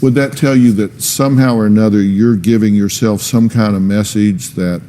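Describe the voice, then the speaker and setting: A man's voice: lowish voice, steady tone, normal speed, mellow, a little hiss or hum. A man hosting a talk show on a studio stage, questioning a guest in a blunt, probing, sarcastic way.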